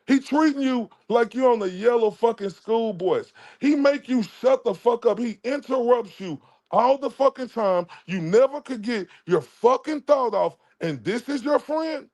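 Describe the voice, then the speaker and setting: A man's voice: extremely high pitch, normal speed, hardly any pauses, a little mellow. A man, ranting confrontationally and with a lot of profanity on a livestream, mocking the people he addresses. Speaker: livestream commentator. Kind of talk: heated livestream rant.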